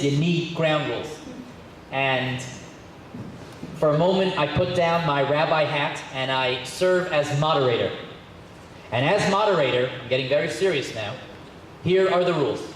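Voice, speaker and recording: A male rabbi with a slightly high voice opens a debate as moderator, genial and repeating himself now and then. His voice rings through a very echoey synagogue hall with faint noise behind. It sounds like a speech from the podium. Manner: genial, repeats phrases, occasional restarts. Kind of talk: public address, opening remarks.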